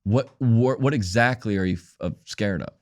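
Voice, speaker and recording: A man's voice: fairly low pitch, moderate pace. A man, a comedian on a podcast interview, talking casually and rambling with many restarts. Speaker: comedian guest.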